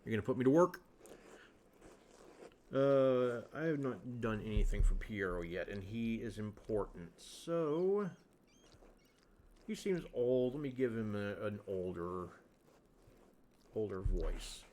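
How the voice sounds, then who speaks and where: A man's voice: fairly low pitch, expressive, slow, long pauses, a little mellow, a little hiss or hum. A man casually talking to himself while playing a video game. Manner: casual, muttering asides to himself. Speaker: game streamer. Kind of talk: let's play commentary.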